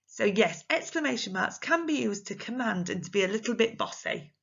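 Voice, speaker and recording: A woman teaching young children in a recorded lesson, speaking slowly and clearly with an English accent and acting out her examples in an exaggerated, expressive voice. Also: on the high side, muffled recording. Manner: slow, clear, encouraging talk to small children. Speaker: primary school teacher.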